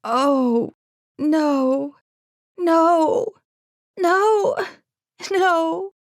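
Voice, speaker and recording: A woman's voice: fairly high pitch, a little slow, creaky, darkish tone, no echo, clean studio sound, pitched above the performer's own voice. A woman reading an audiobook, voicing a grief-stricken young woman who pleads and whispers soothingly to her hurt horse. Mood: pleading.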